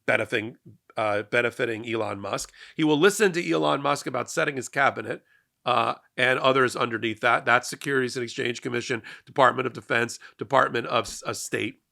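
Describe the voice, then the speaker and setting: A man's voice: medium pitch, fairly quick, vocal fry, pushed and bright. A man hosting a legal and political commentary show, talking in a sarcastic monologue and often repeating words as he starts sentences.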